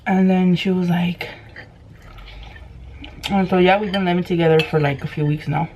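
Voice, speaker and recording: A woman's voice: fairly low pitch, steady tone, normal speed, darkish tone, slight background noise. A woman in her twenties, a mukbang vlogger, telling a casual story while she eats, filling her talk with "like" and acting out what people said. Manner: chatty, heavy use of "like", acts out quoted dialogue. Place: at home at a table with food.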